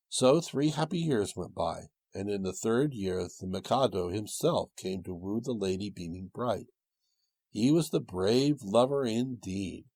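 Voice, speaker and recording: A man reading a storybook tale aloud with a gentle, old-fashioned storytelling cadence and a husky voice. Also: lowish voice, animated, unhurried, dry recording. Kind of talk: storybook narration.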